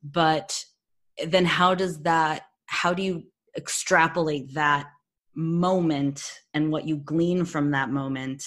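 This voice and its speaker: Female co-host, very low voice, slow and hesitant, thoughtful questions. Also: fairly even intonation. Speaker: podcast co-host. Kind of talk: casual podcast chat.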